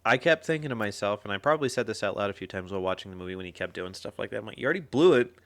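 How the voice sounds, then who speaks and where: A man's voice: lowish voice, lively intonation, racing, fairly bright tone. A man co-hosting a film podcast in casual chat, chiming in with short reactions and laughing often. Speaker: podcast co-host.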